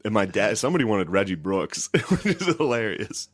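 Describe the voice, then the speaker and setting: A deep-voiced man co-hosting a podcast, recorded dry and close. He rambles through stories in a laid-back casual chat, swearing casually. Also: very animated, normal speed, dry recording. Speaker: podcast co-host.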